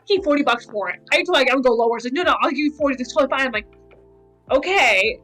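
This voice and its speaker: A woman's voice: high voice, lively intonation, very fast, a bit bright, soft background music, poor audio. A woman cosplayer chatting casually on a podcast, telling stories full of "like" fillers. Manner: chatty storyteller, many "like" fillers. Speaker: cosplayer guest.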